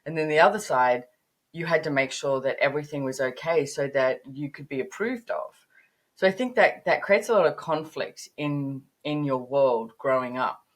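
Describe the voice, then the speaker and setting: A woman in her fifties, a podcast guest telling stories about her upbringing in animated, emphatic bursts. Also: sits low, normal speed. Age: 50s. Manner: animated storytelling, rising to emphatic peaks. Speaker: podcast guest, business author. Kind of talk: conversational interview.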